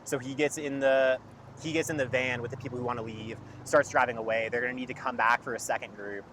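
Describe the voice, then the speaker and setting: A young man tells a long story in loose, casual chat, packing his sentences with "like". His voice sits at an ordinary middle pitch. Faint traffic noise hums behind him. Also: fairly even intonation, fast talker. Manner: rambling storyteller, heavy use of "like". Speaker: podcast guest.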